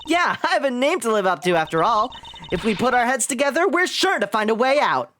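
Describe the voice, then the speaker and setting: A man voicing a cheerful, spirited young woman sidekick in a high, bubbly voice, reading game dialogue aloud on a stream. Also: very animated, fairly quick, a bit bright, heavily acted. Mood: perky.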